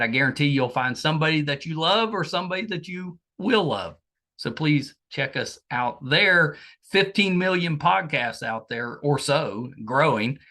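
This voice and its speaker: Bright-voiced male podcast host. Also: medium pitch. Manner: rambling, self-correcting, chatty. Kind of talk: casual podcast outro monologue.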